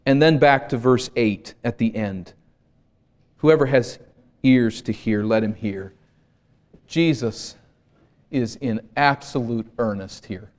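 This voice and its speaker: A male pastor preaching a sermon in an earnest voice, rising to emphatic peaks and sinking to hushed low points. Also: slow pace, long pauses.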